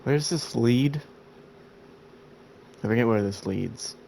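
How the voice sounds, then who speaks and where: A man's voice: mid-range voice, takes it slowly, gravelly, darkish tone, slight background noise. A man who has just woken up, chatting through his gameplay in a rambling, self-mocking way. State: sleepy, just woke up. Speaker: gameplay video host. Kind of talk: casual let's-play commentary.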